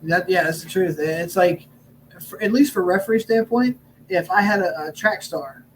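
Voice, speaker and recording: A man from Augusta with a high voice tells stories as a guest on a podcast. He gets animated and acts out what people said, pushing his voice up. A faint hiss hangs under the recording. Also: moderate pace, rough recording. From Augusta, Georgia. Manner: animated storyteller who acts out lines in a raised voice. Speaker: wrestling referee guest. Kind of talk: casual interview storytelling.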